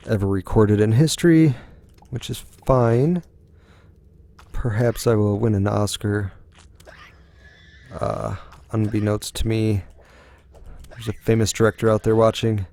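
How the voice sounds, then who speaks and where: Young male let's-play host, low gravelly voice, unhurried, rambling gaming commentary full of ums. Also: fairly even intonation, dark tone, dry recording. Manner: rambling, musing aloud with frequent ums.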